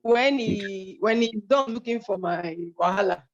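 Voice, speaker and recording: A woman's voice: medium pitch, measured pace. Playful woman on a muffled call. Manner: playful, teasing her husband. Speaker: class participant, wife. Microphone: video call. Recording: muffled video-call audio.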